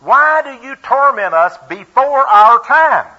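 A man's voice: high-pitched, lively intonation, moderate pace, pushed and bright, slightly rough, heavily acted. A man voicing a pack of frightened male devils who plead and whine, in a mocking way, while he preaches. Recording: dull, lo-fi radio broadcast.

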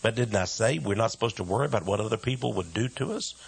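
A man preaching a radio sermon with great emphasis, dropping to soft asides and rising to loud cries, sometimes mimicking his critics in mocking voices. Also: on the low side, animated, fast talker, creaky, slightly rough, no echo.

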